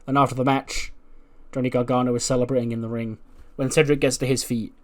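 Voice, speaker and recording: A man's voice: medium pitch, level tone, quick pace. A man narrating and commenting on a wrestling simulation game in a loose, rambling way, swearing freely. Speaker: gaming video creator.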